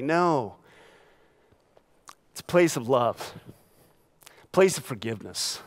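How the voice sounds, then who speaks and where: A male pastor delivering a sermon, telling stories with animated laughs. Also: medium pitch. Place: church sanctuary.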